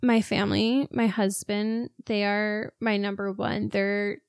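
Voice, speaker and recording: A woman's voice: medium pitch, flat delivery, slow, clear, resonant tone, no room sound, clean studio sound. A woman co-hosting a casual podcast, chatty and openly emotional as she talks. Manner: chatty, gets emotional and laughs through tears. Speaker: podcast co-host, esthetician.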